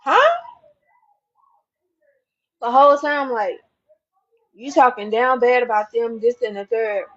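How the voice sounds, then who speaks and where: A woman with a high voice rants casually into the camera, repeating lines for emphasis as she talks straight to the viewer. The recording sounds dull and lo-fi. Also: fairly even intonation, normal speed.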